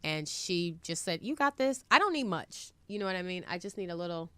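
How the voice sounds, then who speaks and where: A woman's voice: fairly low pitch, a little fast, clean tone, dry recording. A woman, a trucking entrepreneur, chatting as a guest in a casual interview and acting out the voices of the people she quotes. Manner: animated, acts out quoted voices.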